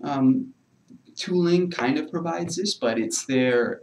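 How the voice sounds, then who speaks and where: A man's voice: a little high, slow, a little mellow, rough recording. Easygoing man explaining tech from home. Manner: loose, hedging, heavy on "kinda" and "really". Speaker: guest software developer. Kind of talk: casual technical explanation on a live webcast.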